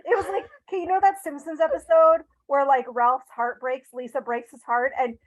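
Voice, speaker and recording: A woman co-hosting a podcast in casual chat, animated and quick to laugh. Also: high-pitched, low-quality recording. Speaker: podcast co-host.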